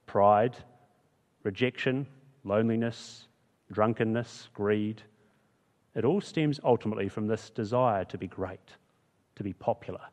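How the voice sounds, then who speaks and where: A man's voice: medium pitch, long reverb tail. A man preaching a sermon in a chatty, conversational way, often asking the listeners rhetorical questions. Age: adult with school-age kids.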